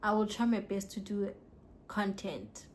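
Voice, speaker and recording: A woman's voice: mid-range voice, a little slow, a little hiss or hum. A young woman vlogging casually, a bit tipsy, chatting and telling stories while she answers viewer questions. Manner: chatty, animated storytelling, mixing English and local words.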